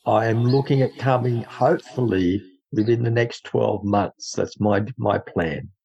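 A man's voice: lowish voice, a little slow, vocal fry, darkish tone, highs cut off. A man from Australia with an Australian accent, sharing a faith testimony in an earnest, hesitant way with many fillers. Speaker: guest speaker in an online faith group.

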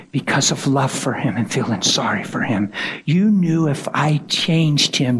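A man preaching a sermon, telling a story dramatically and swinging from hushed whispers to loud, high cries. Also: slight background noise.

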